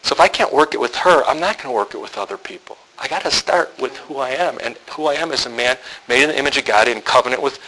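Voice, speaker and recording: A man gives a sermon to other men in a storytelling way, candid and often joking. His voice is bright and forceful at a middle pitch. He acts out the people he quotes. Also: fast, few pauses, low-quality recording. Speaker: men's ministry speaker.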